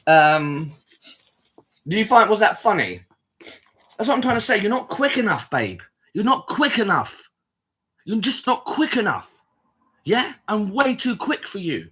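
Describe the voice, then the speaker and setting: Bright and forceful with a breathy edge, a man's high-pitched voice teases a caller during a livestream. As host, he mocks and taunts them with flirty provocations in live call-in chat.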